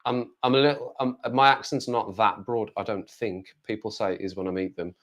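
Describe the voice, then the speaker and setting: A man's voice: lowish voice, steady tone, brisk, fairly bright tone. A man from the West Midlands with a Black Country accent, chatting casually on a live stream and rambling as he answers viewer comments. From West Midlands, England. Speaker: livestreamer.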